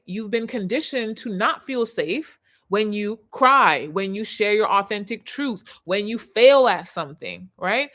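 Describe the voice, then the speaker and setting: A woman in her thirties coaching her viewers on a live stream. She talks in an expressive way, dropping soft and then jumping up loud, with a voice of ordinary middle pitch. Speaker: personal branding coach.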